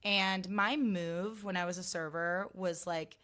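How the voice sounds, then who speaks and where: A woman's voice: fairly low pitch, steady tone, a little slow, bright, forceful tone. A woman in her thirties hosting a solo podcast, rambling casually with lots of "like" and free swearing. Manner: gushy, rambling, heavy on "like", swears freely. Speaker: podcast host.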